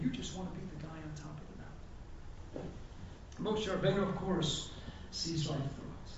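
A man giving an animated, emphatic sermon as a rabbi, at times rising to near shouts. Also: high voice, normal speed, pauses often, noisy background. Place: synagogue hall. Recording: echoey hall from far off, dull sound.

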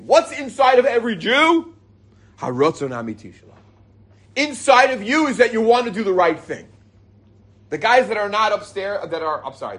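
A middle-aged man with a high-pitched, somewhat bright and slightly rough voice leads an informal Torah class for a live group. He reads Hebrew passages, then explains them in casual, joking English.

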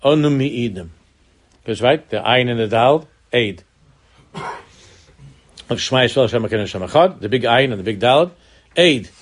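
A man's voice: medium pitch, lively intonation, moderate pace, pauses often, a little hiss or hum. Earnest man teaching Torah. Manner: earnest, repeats words, mixes Hebrew terms into English, rises in emphasis. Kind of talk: Torah lecture.

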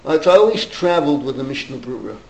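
A gravelly older man from New York tells rambling anecdotes, digressing with many fillers and restarts. His voice is on the high side, animated, very fast, and a little mellow. The recording has a roomy echo and faint background noise.

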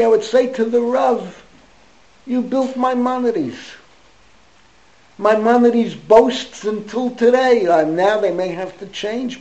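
A man's voice: high-pitched, a little mellow, highs cut off. An older man, a rabbi, giving an informal Torah class, rambling through anecdotes sprinkled with Hebrew and Yiddish and calling on his students by name.

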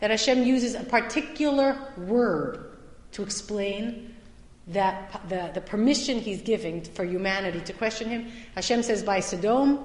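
A woman teaching a Torah class as a summer lecture, stressing some points loudly and dropping into quiet asides. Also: mid-range voice, normal speed. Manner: emphatic, swings between loud stresses and quiet asides. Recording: echoey hall with long reverb.

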